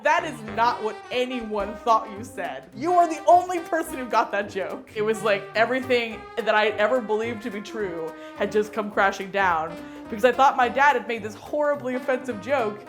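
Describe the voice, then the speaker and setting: A woman's voice: on the high side, moderate pace, few pauses, music in the background. A young adult woman hosting a show, telling a funny personal story in a chatty, self-mocking way with some playful swearing. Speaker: host. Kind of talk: casual comedic storytelling.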